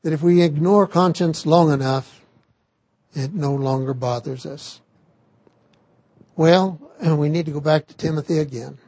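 An older man giving a sermon on scripture, slow and halting with frequent restarts. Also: fairly high pitch, darkish tone, slightly rough, dry recording. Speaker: scripture teacher.

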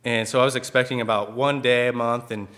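A man's voice: mid-range voice, fairly even intonation, brisk, a bit bright. A man sharing a personal testimony at church in an earnest, conversational way, with many fillers and restarts.

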